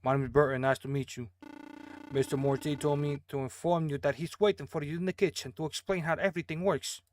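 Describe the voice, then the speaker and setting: A man's voice: a little high, fairly even intonation, quick pace, a little hiss or hum, close to an everyday voice. A man voicing a polite male restaurant worker greeting a new chef in a put-on accent, reading game dialogue aloud.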